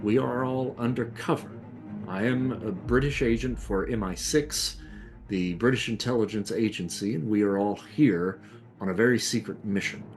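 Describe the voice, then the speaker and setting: A man voicing a formal, smooth-talking undercover spy who persuades soldiers to leave, over background music. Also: fairly low pitch, normal speed, natural voice. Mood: persuasive.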